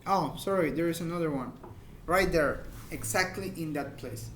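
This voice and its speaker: Man, high voice, informal English teacher, patient repeated examples, slight hiss. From Mexico. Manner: explains slowly with repeated examples, searches for words. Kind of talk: informal grammar lesson.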